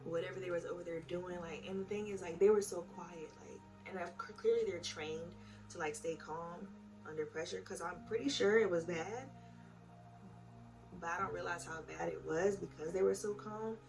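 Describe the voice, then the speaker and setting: A young woman with a low voice tells her story in a chatty, emotional way, talking right to her viewers. She sits a little back from the mic, and music plays under her voice. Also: moderate pace, vocal fry. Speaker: vlogger telling her birth story. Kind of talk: casual storytime. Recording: voice a bit far from the mic with music behind. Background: background music.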